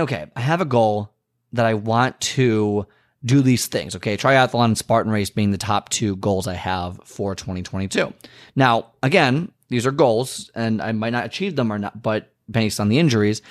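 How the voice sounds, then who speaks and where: A man's voice: lowish voice, no room sound, clean studio sound. A man hosting a podcast, talking frankly and animatedly in a casual monologue, venting his frustration with lots of restarts. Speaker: podcast host.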